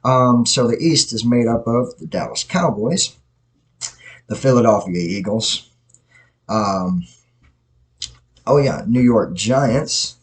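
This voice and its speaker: Speaking slowly at a medium pitch, this podcast host pauses often, and the audio is poor. On his self-produced show's mic, he rambles casually through blunt, opinionated sports takes, frequently correcting himself.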